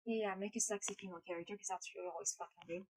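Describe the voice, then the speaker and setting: A woman's voice: mid-range voice, steady tone, rapid-fire, slight background noise, low-quality recording. A woman live streaming in casual chat, playful and blunt, swearing freely, speaking English as a second language. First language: not English.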